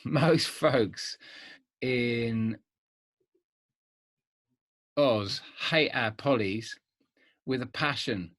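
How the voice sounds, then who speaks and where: A man's voice: mid-range voice, drawn-out words, pauses often, a bit bright, no echo. A man voicing a cheery, blunt Australian male commenter in a put-on Australian accent, hearty and slangy. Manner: hearty, slangy, laughing through lines.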